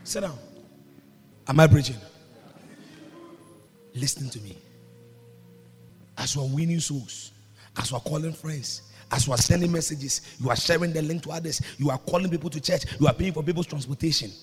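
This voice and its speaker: A man preaching a sermon as pastor, breaking into shouts and sung phrases, recorded in a reverberant church hall with music behind. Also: fairly high pitch, normal speed, pauses often.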